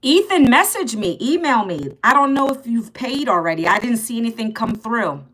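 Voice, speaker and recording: A woman's voice: a little high, animated, moderate pace, fairly bright tone. Chatty woman in her fifties hosting a live stream. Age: 50s. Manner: chatty, greets and answers viewer comments by name; blunt and sarcastic with rude commenters. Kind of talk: casual live stream chat.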